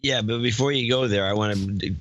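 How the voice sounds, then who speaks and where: Brief: male co-host, low bright forceful voice, blunt and dismissive. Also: brisk, no echo, highs cut off. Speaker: podcast host. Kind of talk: casual chat.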